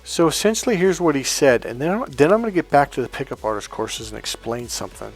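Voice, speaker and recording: A man's voice: a little high, fast talker, soft background music. A man coaching on dating, telling a story in a casual monologue, swearing bluntly and acting out what people said. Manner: blunt and profane, swearing often; animated, acting out quotes from a story.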